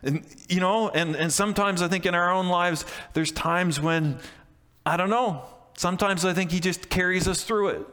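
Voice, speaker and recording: A man's voice: sits high, moderate pace, fairly bright tone, long reverb tail. A man preaching a sermon as pastor, talking in a conversational way with frequent restarts and emphatic repeats. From Canada.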